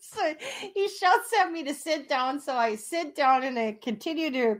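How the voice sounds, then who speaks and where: A woman's voice: high voice, animated, moderate pace. A woman co-hosting a podcast, telling a funny story in casual chat and laughing often as she talks. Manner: giggly, laughs through her story. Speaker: podcast co-host.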